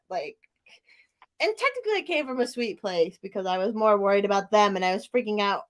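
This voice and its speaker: A woman chatting on a casual podcast, a little tipsy and rambling freely. Her voice sits a bit high and sounds bright and forceful, broken up by frequent laughs and a steady stream of "like.". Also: a little fast. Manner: rambling, laughs often, lots of "like". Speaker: podcast co-host. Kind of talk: casual chat.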